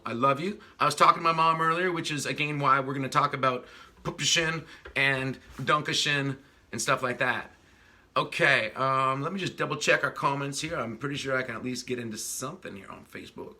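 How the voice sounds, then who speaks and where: Speaking fairly quickly in a mid-range voice, a man runs a casual livestream chat over background noise. He greets viewers and reads their comments in a rambling way while adjusting the stream.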